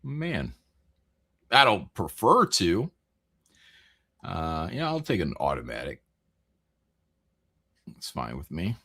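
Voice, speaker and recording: A man's voice: low voice, huge pitch swings, slow pace, pauses often, sharp tone, husky. A man hosting a casual live stream, rambling through chat messages with frequent jokes, laughs and swearing. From American Midwest.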